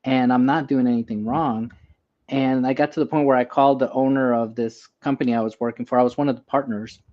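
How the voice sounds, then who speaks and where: A man's voice: mid-range voice, quick pace. A man, an emergency doctor, telling personal stories as a guest in a casual interview and acting out the dialogue. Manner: animated storyteller, acts out quoted dialogue. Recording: slightly dull lo-fi sound.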